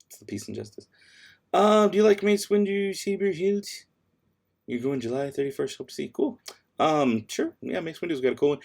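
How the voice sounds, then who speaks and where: Man, gravelly voice, livestream host reading chat, offhand, sassy, relaxed. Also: mid-range voice. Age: adult with kids. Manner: offhand and sassy, answering chat between tasks. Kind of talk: casual livestream chat, reading viewer questions. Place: home room, late at night.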